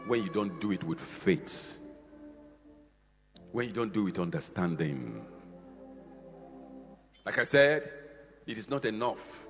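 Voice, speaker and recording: A man preaching a fiery sermon, swinging between shouted, half-sung peaks and quieter, slower stretches. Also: lowish voice, in a large hall.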